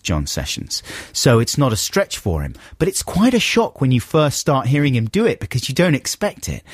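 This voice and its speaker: A man's voice: mid-range voice, slightly rough, no echo, studio quality. Chatty man in an enthusiastic talk. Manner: chatty, enthusiastic, with frequent restarts. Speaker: podcast co-host. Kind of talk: casual chat.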